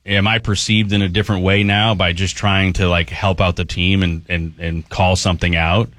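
A man's voice: sits low, level tone, moderate pace, fairly bright tone, dry recording. A man, a former player as radio guest, talking in a loose, rambling way with many fillers and restarts. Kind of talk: casual radio chat.

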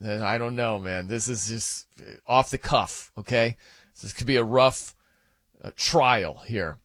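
A man's voice: medium pitch, a little slow, no echo, studio quality. A man hosting a sports talk show in a casual, rambling way, full of fillers and asides. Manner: animated, rambling, lots of fillers and laughs.

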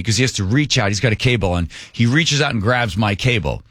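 A man hosting a radio talk show and telling a story in a casual, animated way, acting out other people's lines as he goes. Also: mid-range voice, brisk, few pauses, no echo, clean studio sound.

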